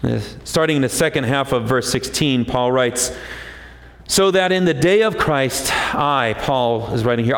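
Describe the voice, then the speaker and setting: A man preaching a sermon, emphatic, rising often to a high, forceful pitch. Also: vocal fry. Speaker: pastor.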